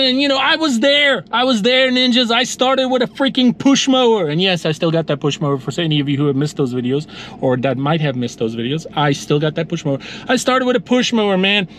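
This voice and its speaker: A man's voice: sits high, fairly bright tone, a little hiss or hum. A man who runs a lawn care business, casually telling a story and acting out both sides of a phone call. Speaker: lawn care business owner and channel host.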